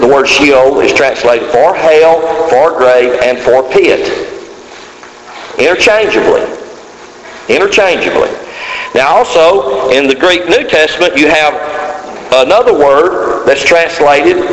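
A man's voice: mid-range voice, a bit bright. A man preaching a sermon to a congregation, emphatic and repeating key words for stress. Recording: echoey hall with long reverb, faint hiss.

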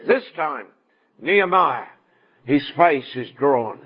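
A man delivering a sermon in a high-pitched voice. He tells the story vividly and acts out the dialogue as he goes. The recording sounds dull and lo-fi. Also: lively intonation, slow pace. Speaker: preacher.

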